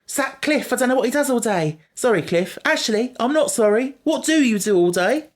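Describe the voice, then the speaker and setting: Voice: mid-range voice, lively intonation, brisk, voice pushed up, lightly acted. A podcaster voicing a reckless, sarcastic woman office temp. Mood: defiant. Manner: sarcastic, brash.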